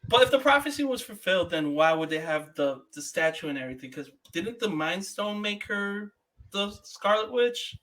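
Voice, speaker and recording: A man's voice: high voice, normal speed. A man co-hosting a podcast, animatedly retelling a movie scene by scene. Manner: animated retelling with laughs and quoted reactions. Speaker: podcast co-host. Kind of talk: casual movie review chat.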